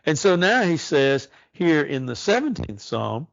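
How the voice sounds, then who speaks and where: A man teaching a church Bible study, earnest and slow on the verses he stresses. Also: on the high side, sing-song, vocal fry, no room sound, muffled recording. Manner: earnest, reads verses slowly and emphatically.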